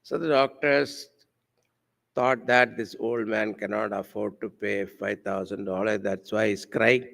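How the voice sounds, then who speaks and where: A man giving a devotional sermon at a camp, speaking slowly and deliberately, asking his listeners rhetorical questions and using Sanskrit terms. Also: fairly low pitch, creaky, fairly bright tone. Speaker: swami giving a spiritual discourse. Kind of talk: devotional sermon with a told story. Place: camp hall with a live audience.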